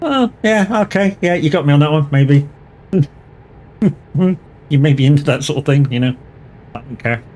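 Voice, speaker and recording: A man's voice: on the high side, unhurried, pauses often, darkish tone. A man, chatting casually and joking with plenty of swearing as a live streamer. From Plymouth, England. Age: 40s. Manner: joking and profane, laughs often. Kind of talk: casual chat while playing a truck driving game.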